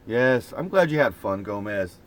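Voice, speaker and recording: Easygoing, low-voiced man rambling reflectively. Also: animated, normal speed, fairly bright tone, a little hiss or hum. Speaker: vlogger. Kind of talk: casual reflective chat.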